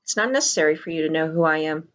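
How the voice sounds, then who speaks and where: A woman's voice: sits low, animated, very fast, a bit bright. A woman voicing a sinister, condescending man in a storybook reading, murmuring in an aloof way. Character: sinister man with red eyes, cold, superior controller.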